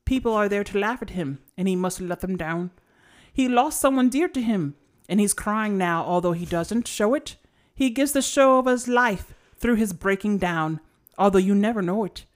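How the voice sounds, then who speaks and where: A woman's voice: mid-range voice, moderate pace, natural voice. A woman putting on an exaggerated, poor Irish accent to recite the lyrics of a sad clown song in a sing-song way. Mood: wistful, mocking. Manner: sing-song storytelling, breaking into laughs. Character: woman telling a sad clown's tale in a put-on Irish lilt.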